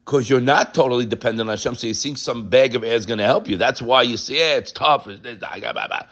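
A man giving an animated Torah talk, emphatic and full of rhetorical questions, mixing Hebrew terms into English. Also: medium pitch, fast, lo-fi sound. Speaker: rabbi giving a Torah class.

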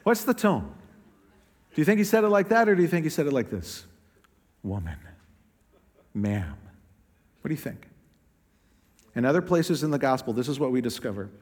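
A male pastor preaching a sermon in a conversational way, acting out quotes with shifting pitch and pace. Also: expressive, fast talker, darkish tone, long reverb tail.

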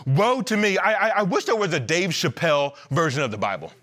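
A man preaching an animated, emphatic sermon to a church, repeating lines and joking between points. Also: on the high side, fast talker, slightly rough. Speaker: pastor.

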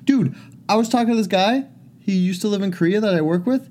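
Joking young man, slightly higher voice. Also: brisk, darkish tone. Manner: joking, rambling, swearing. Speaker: podcast co-host. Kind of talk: casual chat.

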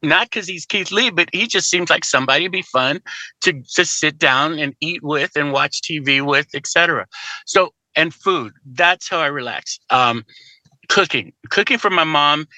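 A middle-aged man chatting as a podcast guest, an animated storyteller who jokes and laughs easily. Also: a little high, moderate pace, no echo, rough recording. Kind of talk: casual conversation.

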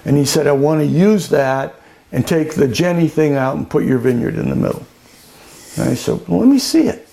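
At a moderate pace, an older man who runs a winery recounts stories for an oral history interview in a slightly high, mellow voice with vocal fry. He keeps it chatty, laughs frequently, and mimics the people he quotes.

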